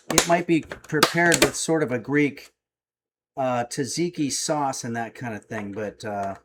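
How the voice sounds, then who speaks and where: A man's voice: medium pitch, noisy background. A man hosting a home-kitchen cooking stream, chatting casually and loosely with lots of fillers as he reads out viewer comments. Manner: rambling, filler-heavy, easygoing. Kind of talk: casual livestream cooking demo, reading chat.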